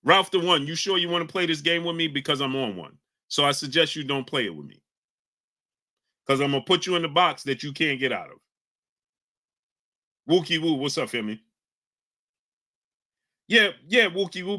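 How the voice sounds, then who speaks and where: Animated and combative, a man running a live stream shouts out names from the chat and clashes hotly with viewers. His voice is a little high, at normal speed with frequent pauses.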